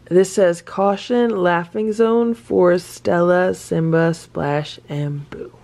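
A woman's voice: fairly low pitch, steady tone, slow pace, gravelly, mellow. A middle-aged woman hosting a cat video, opening gifts in casual chat and gushing with delight, sometimes dropping to a whisper or cooing at her cat. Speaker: cat rescue video host. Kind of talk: casual unboxing chat to camera.

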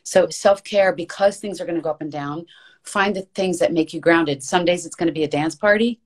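A woman's voice: fairly low pitch, brisk. A woman guest in a casual interview, talking earnestly and emphatically, repeating words for stress and restarting her thoughts as she rambles. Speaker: podcast guest, voice actress and coach.

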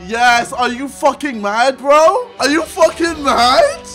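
A young man commentating his own gameplay, yelling, swearing and trash-talking his opponent. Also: extremely high pitch, expressive, slow pace. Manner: loud, swearing trash talk, yelling at the game. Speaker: gaming channel host. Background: music.

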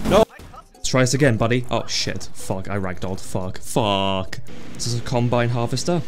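Young man, gameplay commentary, excitable, heavy swearing, faint music behind. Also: mid-range voice. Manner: swears a lot, jumpy and excitable, yells at the game. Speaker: gaming video creator.

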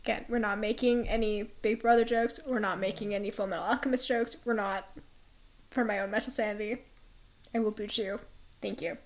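A woman's voice: mid-range voice, steady tone, brisk. A young woman streaming a game, chatting, laughing often and reading character lines aloud, with a nasal, congested voice. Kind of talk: game let's play, reading dialogue aloud.

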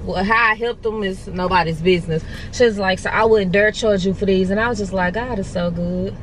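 A young woman, talking to a handheld phone camera in an animated, outspoken vlog, cursing freely. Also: medium pitch, brisk. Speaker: vlogger. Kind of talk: casual vlog chat. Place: in stores and a car. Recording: background noise from stores and car. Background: store and car noise.

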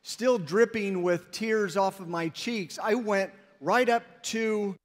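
A man with a high voice preaches slowly and deliberately, telling stories with emphasis. His words ring out with a long reverb across a large church hall. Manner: storytelling, emphatic. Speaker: pastor. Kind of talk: sermon.

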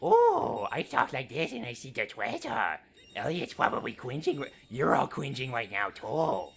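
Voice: mid-range voice, huge pitch swings, normal speed, creaky, husky, full character voice. A host putting on a hammy, swooping sing-song voice. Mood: theatrical. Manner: exaggerated, swooping, profane asides. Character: hammy sing-song voice reading game characters. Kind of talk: let's play commentary.

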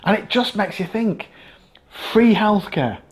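A man from Britain with a slightly high voice tells stories as a podcast co-host. He laughs often and restarts his sentences as he goes along. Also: a little slow. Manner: animated storyteller, laughs often, many restarts. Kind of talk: casual chat.

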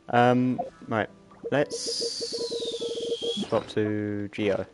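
A man's voice: mid-range voice, expressive, unhurried, long pauses, music in the background. A man giving casual commentary while playing a video game. He puzzles aloud and jokes to himself. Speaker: gaming streamer.

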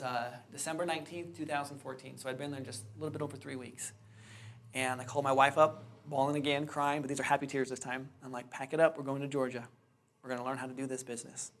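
A man in his thirties, a real estate trainer, telling his personal story to a live class with candid, animated quoted dialogue. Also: medium pitch, a little hiss or hum. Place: training room with hard floor.

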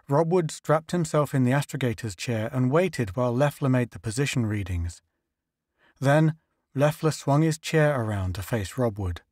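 With a mid-range voice, a man narrates a scripted sci-fi audiobook in an even, steady storytelling style. It's recorded at studio quality, free of any room sound.

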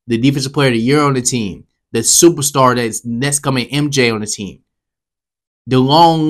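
A man in the middle of a heated basketball rant, talking straight at his viewers as a vlogger. His voice sits at an ordinary middle pitch, dropping to low mutters and then jumping up in loud outbursts. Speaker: sports commentary vlogger. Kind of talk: casual basketball commentary rant.

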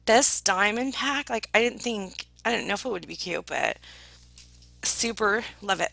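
Woman, gravelly, husky, gushing, excitable, slips into whispers. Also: on the high side, normal speed. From United Kingdom. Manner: gushing, excitable, thanks viewers by name; drops into whispers now and then. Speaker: vlogger opening viewer gifts. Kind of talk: casual chat to viewers.

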